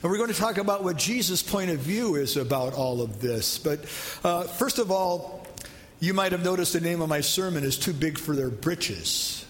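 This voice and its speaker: Pastor, male, high voice, chatty sermon style, long hall reverb. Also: expressive, normal speed, a bit bright, a little hiss or hum. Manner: conversational, asks the congregation questions.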